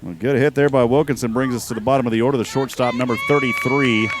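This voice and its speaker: A man calling a live softball game as play-by-play announcer, rising to excited calls on big plays. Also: mid-range voice, quick pace. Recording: broadcast with crowd noise.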